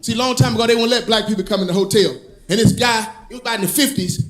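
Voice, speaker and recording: A male stand-up comedian telling stories in an animated, sing-song way, laughing at his own jokes. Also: high-pitched, rapid-fire, faint music behind. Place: comedy club stage.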